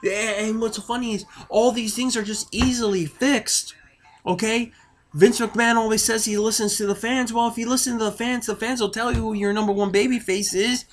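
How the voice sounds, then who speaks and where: A man's voice: sits high, fairly even intonation, moderate pace, slight background noise. A man delivering a heated, rambling vlog rant with emphatic, profane outbursts. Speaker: wrestling vlogger. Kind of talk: ranting vlog.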